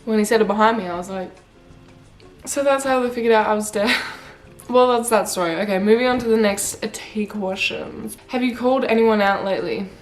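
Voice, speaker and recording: Young woman vlogger, mid-pitched, animated and sweary, casual chatty storytelling. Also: brisk, faint music behind.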